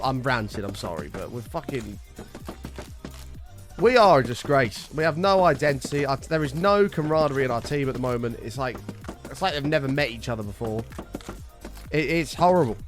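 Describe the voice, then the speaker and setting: A man's voice: medium pitch, lively intonation, a little fast, soft background music. A British man chatting live to his stream viewers, ranting heatedly and swearing often. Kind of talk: casual live-stream chat.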